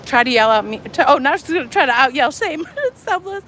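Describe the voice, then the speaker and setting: A woman protests out by a street, arguing bluntly, combatively and with free swearing in a heated street argument. Her high voice is fairly bright and quick, with lively intonation, and traffic noise runs behind her.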